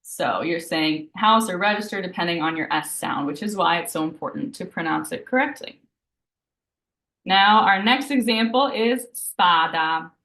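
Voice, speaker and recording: A woman teaching a live beginner Italian lesson, patiently explaining each rule and slowly repeating example words. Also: on the low side, a bit bright. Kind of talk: live online language lesson. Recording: roomy echo.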